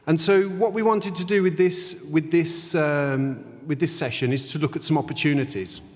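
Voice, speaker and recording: A man's voice: on the high side, steady tone, normal speed. A man moderating a conference panel in an informal, light-hearted way, in a windowless conference room. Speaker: session moderator. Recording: long hall reverb.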